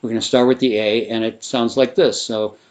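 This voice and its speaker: Male sound therapy teacher, mid-pitched, loose and rambling, guided exercise delivery. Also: fairly quick. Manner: relaxed, rambling, with frequent fillers and restarts. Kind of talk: guided vocal exercise instruction.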